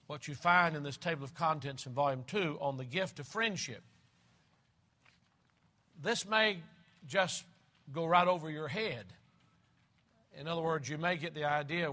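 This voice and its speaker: A man's voice: a little high, measured pace, pauses often, pushed and bright. An older man preaching a sermon, opening with an earnest prayer and then teaching from scripture with emphatic delivery.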